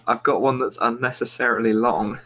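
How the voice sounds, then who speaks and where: Guy, podcast host, casual joke telling, rambling and self-mocking, mid-pitched voice. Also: fairly even intonation, fairly quick, a bit bright, slight background noise.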